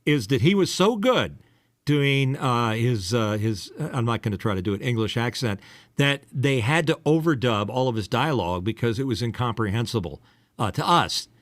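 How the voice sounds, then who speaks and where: A man co-hosting a casual podcast chat, a commercial voice actor who talks in an animated way and drops in quick impressions. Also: medium pitch, no room sound, studio quality. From United States.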